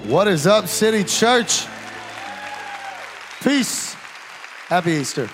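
A man giving a lively, joking church testimony as guest speaker. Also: sits high, takes it slowly, in a large hall, music in the background, a crowd in the background. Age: 30s. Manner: energetic, jokey, casual preacher talk. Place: church auditorium.

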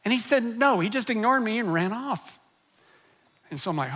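A middle-aged man, a pastor telling a personal story in a sermon, animated and swinging between loud and hushed. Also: high-pitched, moderate pace.

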